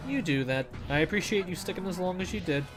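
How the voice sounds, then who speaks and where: A man's voice: high-pitched, animated, fast talker, over music. A man streaming a video game, chatting casually with lots of "like" fillers and goofy asides.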